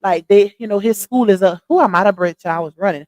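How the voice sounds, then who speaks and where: A middle-aged woman, chatting casually with viewers on a live stream and giving her opinions in an animated, talkative way. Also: mid-range voice, fast, low-quality recording. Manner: chatty, animated, addresses viewers as y'all and child. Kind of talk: casual chat commentary.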